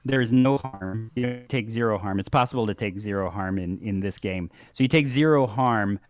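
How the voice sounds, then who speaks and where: A man narrating as game master of a tabletop game, halting with many pauses and fillers. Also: on the low side, soft background music. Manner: halting, many ums and uhs, laughs often.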